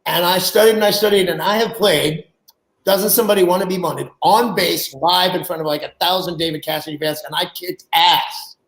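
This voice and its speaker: A man in his sixties, a guest, telling animated anecdotes and acting out the people he quotes. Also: high-pitched, a little fast, reverberant, low-quality recording. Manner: animated storyteller who acts out quoted people, laughs mid-story. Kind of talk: anecdotal storytelling.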